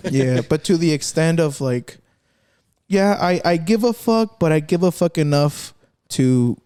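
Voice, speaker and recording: A man's voice: fairly high pitch, lively intonation, unhurried, mellow, clear, resonant tone, no room sound, studio quality. A man hosting a casual podcast, telling stories in a rambling, profane way and laughing often. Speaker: podcast host.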